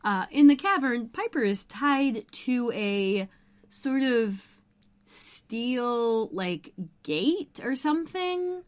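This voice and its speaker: A woman's voice: fairly high pitch, expressive, takes it slowly. A woman co-hosting a podcast, recapping an episode in casual, rambling chat full of fillers. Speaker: podcast co-host.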